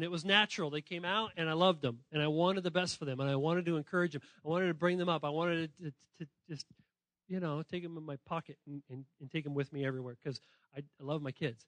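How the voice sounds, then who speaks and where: A man with a notably high voice gives an animated sermon to children and students. He is playful, calls out to listeners directly and often corrects himself mid-sentence. The sound is dry and close, with no room echo. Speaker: pastor speaking to children and students. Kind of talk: lively sermon addressed to kids.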